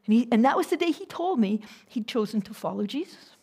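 Woman missionary, church storytelling talk, conversational, fairly high voice. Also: quick pace, slightly rough. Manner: lively, conversational, with restarts. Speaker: missionary speaking to her church.

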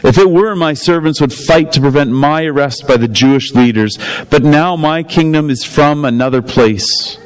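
A man reading the calm, measured answers of a prisoner before a judge in a Bible passage. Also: fairly high pitch, lightly acted, poor audio.

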